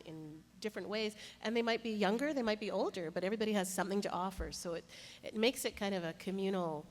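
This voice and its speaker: A woman voice actress and acting coach, speaking earnestly and thoughtfully on a convention panel. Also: fairly low pitch. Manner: earnest, reflective. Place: convention hall. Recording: echoey convention hall.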